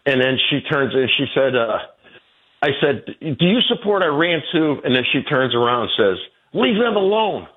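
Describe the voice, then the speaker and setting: A man's voice: animated, moderate pace, narrow, tinny audio. A man in his sixties, a guest on a radio show, telling stories in a rambling way and repeating his words. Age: 60s. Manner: rambling, repeats words, quotes people in a high voice. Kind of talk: casual radio conversation.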